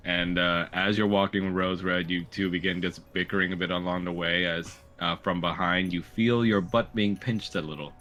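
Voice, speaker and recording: Deep-voiced man narrating a tabletop game. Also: fairly even intonation, normal speed, hardly any pauses, fairly bright tone, soft background music. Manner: casual, rambling with fillers. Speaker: game master.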